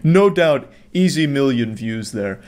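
A man hosting a commentary video, speaking in a deadpan, mocking way and swearing freely. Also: medium pitch, measured pace. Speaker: commentary host.

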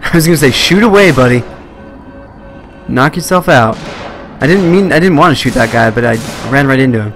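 A man's voice: medium pitch, fast talker, a bit bright, soft background music. A young man commentating a live horror game stream, jumpy and swearing at scares. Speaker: let's play streamer.

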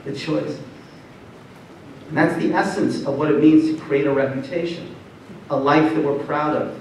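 A rabbi giving a motivational talk to an audience, telling stories in a lively way and quizzing the listeners. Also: male voice, on the high side, moderate pace, a little hiss or hum. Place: large hall before an audience. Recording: echoey hall, distant mic.

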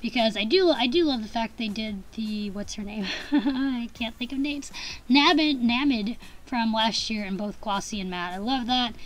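A young woman with a slightly high voice talks through her collection in a loose, rambling vlog. She gushes and giggles, trips over her words and restarts her sentences often. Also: normal speed, poor audio. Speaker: collector vlogger. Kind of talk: casual rambling review.

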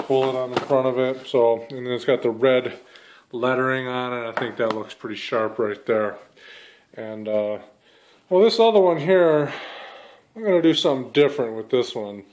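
A man's voice: medium pitch, steady tone, moderate pace, a little hiss or hum, low-quality recording. A man hosting a casual unboxing vlog, talking in a laid-back, rambling way and swearing casually. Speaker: channel host.

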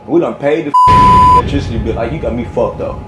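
A man's voice: medium pitch, wildly swooping pitch, fast, very noisy. A young man in a comedy skit, telling a story and then bursting into profane, panicky outbursts. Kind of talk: acted horror comedy skit.

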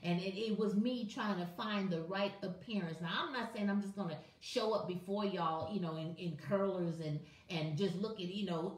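A woman's voice: medium pitch, recorded from a distance. Impassioned woman preaching in an echoey room. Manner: impassioned, conversational, addresses viewers by name. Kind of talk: preaching on a morning live stream. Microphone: webcam or phone on a live video.

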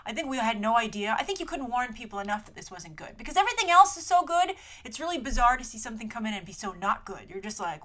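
This is a woman hosting a casual trailer review, talking in quick asides and filler words. Her voice is bright and sits slightly high, and it swings widely as she reacts. She shifts into playful mock voices when she quotes people. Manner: chatty and animated, full of asides and filler words. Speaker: host of a movie trailer review show.

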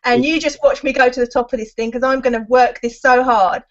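Gushing woman, high voice, muffled lo-fi call sound. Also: brisk. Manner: excited, gushing. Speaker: guest marketer. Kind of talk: casual online hangout chat. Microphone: video call. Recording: dull lo-fi web call audio.

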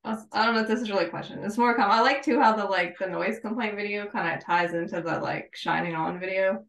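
A woman's voice: medium pitch, fast talker, creaky, fairly bright tone. A woman interviewer asking casual, hesitant questions packed with "like". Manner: hesitant, filler-heavy "like" phrasing. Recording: echoey room, distant from mic.

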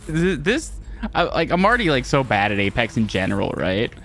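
A streamer giving live gameplay commentary, excitable, laughing often, swearing and talking to chat. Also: medium pitch, fairly quick, a little hiss or hum.

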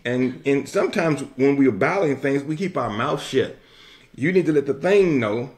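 A man preaching a sermon with an emphatic, repetitive cadence and drawn-out declarations. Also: medium pitch, lively intonation, darkish tone.

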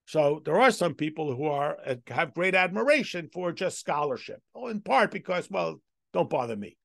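A man's voice: fairly high pitch, normal speed, gravelly, fairly bright tone, dry recording, clean studio sound. A man teaching a Torah lesson as a rabbi, reading Hebrew text aloud and explaining it step by step with rhetorical questions. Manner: reads Hebrew text aloud then translates.

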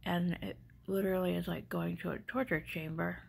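A woman's voice: on the low side, level tone, moderate pace, gravelly, slight background noise, poor audio. A middle-aged woman vlogger speaking without teeth, telling a personal story in an emotional, rambling way that often drops to a whisper.

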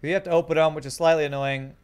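A man streaming a game, thinking out loud and chatting to his viewers in a casual way. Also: on the high side, steady tone, racing, clean tone. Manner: thinks aloud, chats to viewers. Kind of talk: casual live-stream gameplay commentary.

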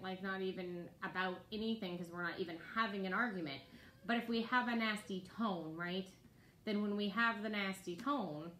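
A woman's voice: medium pitch, fairly bright tone, a little hiss or hum. A woman giving a casual, conversational sermon, often checking in with her listeners as she talks. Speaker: ministry teacher. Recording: echoey room with faint ambience.

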